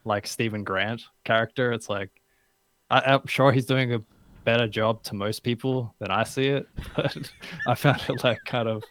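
A man's voice: medium pitch, fairly even intonation, moderate pace, fairly bright tone, no room sound. Hedging man, casual chat, dry sound. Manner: hedging, fills with "like" and "I don't know".

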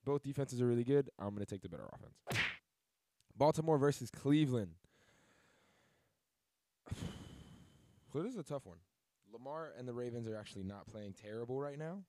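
On his sports podcast, a male host talks in a relaxed, wandering manner, leaning heavily on fillers and frequently restarting or correcting himself. His medium-pitched, dark-toned voice is animated, moving at a moderate pace with long pauses, and the recording is dry.

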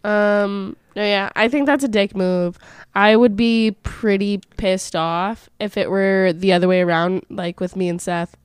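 A woman's voice: medium pitch, steady tone, measured pace, clear, resonant tone, dry recording. A young woman co-hosting a podcast, frank and opinionated in casual chat. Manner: frank, opinionated, laughs easily. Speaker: podcast co-host.

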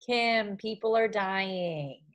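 A woman co-hosting a podcast in casual, chatty conversation. Her pitch sits in a middle range, and her talk is loose and full of little fillers. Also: slow. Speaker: podcast co-host. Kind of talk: casual chat.

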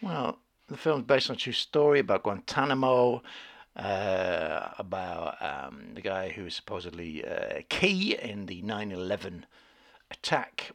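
A man co-hosting a casual film podcast, opinionated and quick to rant with exasperation. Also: deep voice, animated, creaky, fairly bright tone. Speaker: podcast co-host.

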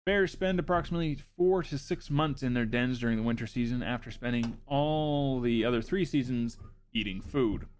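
A man's voice: medium pitch, moderate pace. Male host, mid-range voice, reads notes with wry asides. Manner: wry, joking asides between read facts. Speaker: show host. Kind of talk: reading informational notes with casual asides.

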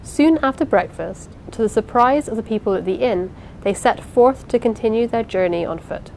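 A woman narrating an audiobook in a measured, expressive reading with occasional pauses. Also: on the high side, a little hiss or hum, poor audio. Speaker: audiobook reader. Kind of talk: unhurried amateur audiobook narration.

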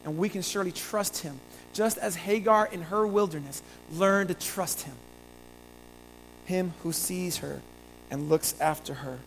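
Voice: mid-range voice, measured pace, slight background noise, poor audio. Earnest pastor preaching a sermon. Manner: earnest, repeating phrases and building to emphatic peaks.

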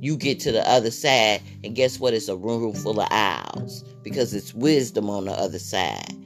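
A man's voice: lowish voice, very animated, moderate pace, faint music behind. A man hosting a podcast, talking through a casual spiritual monologue in a blunt, profane way, often repeating his phrases. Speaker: podcast host.

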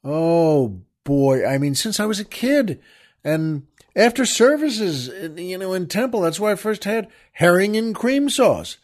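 Man, radio host, rambling anecdote, talks straight to listeners, a little higher-pitched than most men. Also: sing-song. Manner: rambling, digressive, with frequent pauses and restarts; addresses listeners directly. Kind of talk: storytelling monologue.

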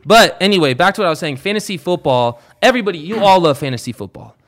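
A man's voice: high-pitched, lively intonation, quick pace, fairly bright tone. A young man hosts a loose, casual podcast. He talks brashly, swears freely, and laughs often. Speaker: podcast host.

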